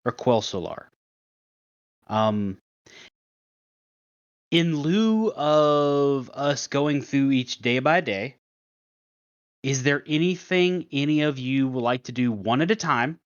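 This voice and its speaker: A man's voice: medium pitch, expressive, slow pace, pauses often, clear, resonant tone, dry recording, lo-fi sound. A man running a tabletop role-playing game as its dungeon master, narrating casually and laughing often.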